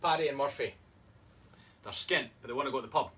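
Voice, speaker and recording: A man's voice: medium pitch, fast, sharp tone. A Scottish man co-hosting a casual chat, playful and jokey. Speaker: co-host, fitness coach. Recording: distant mic, faint room noise.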